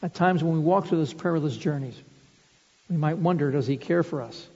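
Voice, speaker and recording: A man's voice: fairly high pitch, fairly quick, darkish tone, breathy edge. A man preaching a sermon, earnest and explanatory, building his points with vivid everyday illustrations. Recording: reverberant hall, dull lo-fi sound.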